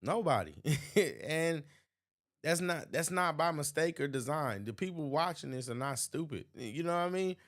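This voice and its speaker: A man's voice: fairly high pitch, lively intonation, normal speed, fairly bright tone. A man hosting his channel, giving casual reaction commentary and laughing often between remarks. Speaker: channel host.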